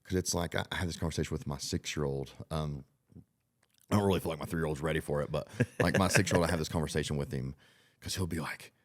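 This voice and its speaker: A man's voice: a bass voice, fast. A man in his thirties hosting a podcast, thinking aloud in a reflective way and filling his speech with "like.". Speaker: podcast host. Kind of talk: casual podcast conversation.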